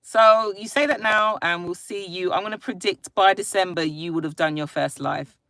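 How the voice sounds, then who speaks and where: A woman's voice: on the low side, fairly even intonation, moderate pace, fairly bright tone, no room sound, clean studio sound. A woman with children hosting a casual live stream, greeting viewers by name and chatting in a free-flowing way. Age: adult, a parent. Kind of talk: casual chat reading viewer comments. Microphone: phone live stream.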